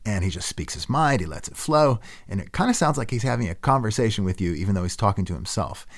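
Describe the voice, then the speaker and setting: A man's voice: on the low side, lively intonation, fast. A man hosting a podcast, talking casually and self-deprecatingly about his own work. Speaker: podcast host. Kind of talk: casual reflective monologue.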